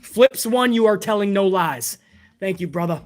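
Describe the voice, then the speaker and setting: Hoarse, high-voiced excitable stream host. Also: male voice, moderate pace. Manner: profane, excitable, chummy. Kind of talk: casual livestream commentary, reading fan messages.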